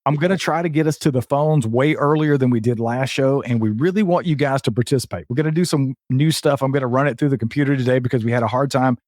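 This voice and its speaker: A man's voice: medium pitch, a little mellow, dry recording, clean studio sound. Upbeat chatty male podcast host. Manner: upbeat, chatty, greets viewers in the chat. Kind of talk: casual live podcast chat.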